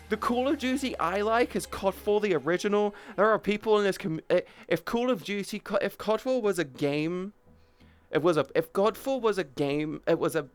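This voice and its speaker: Woman streamer, headset mic, casual rambling chat, stops to greet chat. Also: mid-range voice. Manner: rambling, chatty, breaks off to greet viewers. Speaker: livestreamer. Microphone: headset boom mic.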